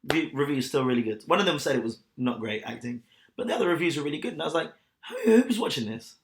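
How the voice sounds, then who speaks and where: A young man co-hosting a casual podcast chat, blunt and scathing and quick to laugh. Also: medium pitch, animated. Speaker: podcast co-host. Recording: echoey room.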